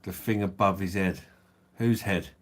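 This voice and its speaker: Deep-voiced South East London man hosting a casual drinking livestream, relaxed matey chat with viewers. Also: measured pace. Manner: laid-back blokey banter with swearing and chuckles. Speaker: livestream host.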